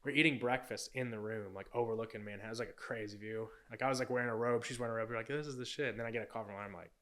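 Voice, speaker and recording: Fast-talking young man telling his story. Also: on the low side, fairly even intonation, a bit bright. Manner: rambling, fills talk with "like" and "you know". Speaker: podcast guest. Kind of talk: casual storytelling.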